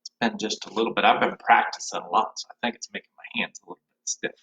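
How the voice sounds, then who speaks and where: A man teaching an online music class for young children, cheerful and encouraging, now and then dropping into high and low puppet voices. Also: fairly even intonation, fast, bright, forceful tone, rough recording. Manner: cheerful, encouraging, speaks to small kids.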